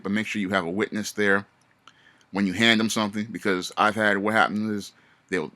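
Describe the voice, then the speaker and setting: Low-voiced man giving emphatic warnings. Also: sharp tone. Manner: emphatic, repetitive warnings with many restarts. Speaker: vlogger. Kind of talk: casual monologue.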